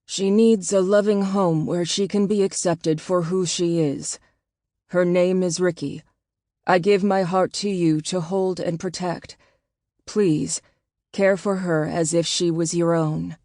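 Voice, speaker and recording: A woman narrator voicing a gruff, deep-voiced husband who speaks in a tight, steady way. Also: slow pace, no echo, studio quality.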